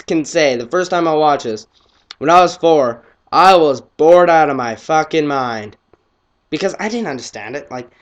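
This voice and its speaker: A teenage boy with a voice on the high side reviews a film casually. He's excitable and rambling, often letting his voice trail off quietly.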